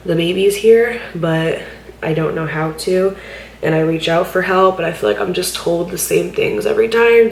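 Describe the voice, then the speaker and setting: A woman's voice: on the low side, echoey room, a little hiss or hum, poor audio. A woman vlogger rambling in a candid, frustrated vent at home, swearing often and filling with "like", sounding tearful and overwhelmed. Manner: rambling, frustrated, heavy swearing, many "like" fillers. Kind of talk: candid personal vlog venting.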